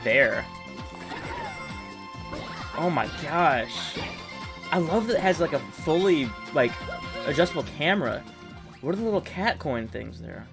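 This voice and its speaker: A young man streaming live from home, reacting with loud excitement and laughter, with faint music behind. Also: fairly high pitch. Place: home room.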